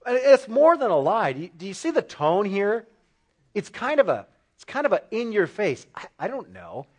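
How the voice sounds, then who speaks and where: A man's voice: high-pitched, big pitch swings, moderate pace. A man preaching an expository sermon, asking the congregation rhetorical questions and repeating phrases for emphasis.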